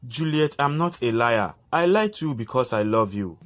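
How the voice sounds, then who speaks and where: A man's voice: medium pitch, animated, normal speed, fairly bright tone, natural voice. A man voicing a deceitful young lover in a cartoon, begging forgiveness. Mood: pleading. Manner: pleading, begging. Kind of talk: cartoon voice acting.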